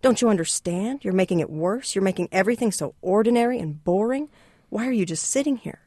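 A reader voicing an anxious, irritable man who complains and talks too loudly. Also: medium pitch, expressive, a little fast, no echo, studio quality, voice pushed up, close to an everyday voice. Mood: agitated. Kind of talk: reading a novel aloud.

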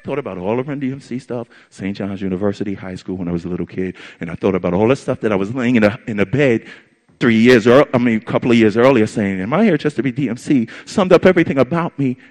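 A man telling a personal story to an audience, animated and emphatic, with lots of repetition. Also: lowish voice, quick pace. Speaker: storyteller on stage.

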